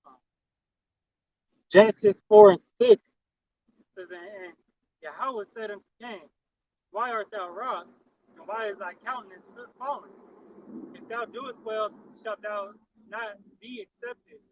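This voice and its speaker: A man reading scripture aloud in a halting way, with fillers between phrases. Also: sits high, darkish tone, dull audio, slight background noise. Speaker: scripture reader.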